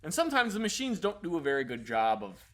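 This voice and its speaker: A young man telling casual stories, laughing often and mimicking shouted orders. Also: on the high side, huge pitch swings, quick pace. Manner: laughs often, mimics drill sergeants in bursts. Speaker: podcast co-host. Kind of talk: casual storytelling chat.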